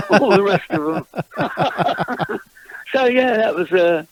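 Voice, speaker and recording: A man's voice: high voice, slow pace, crowd noise, low-quality recording. Older man telling rambling stories. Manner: chatty, rambling with frequent restarts and chuckles. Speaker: guest musician, former backing singer. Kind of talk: casual interview anecdotes.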